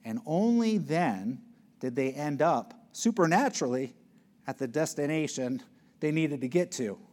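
A man preaching an expository sermon, reading scripture slowly and pressing his points with emphasis. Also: animated. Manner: emphatic, swings between loud peaks and low hushed words; reads scripture aloud slowly and deliberately.

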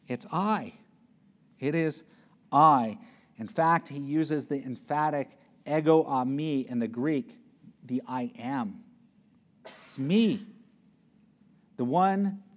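A man preaching an expository sermon, reading scripture slowly and pressing his points with emphasis. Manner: emphatic, swings between loud peaks and low hushed words; reads scripture aloud slowly and deliberately.

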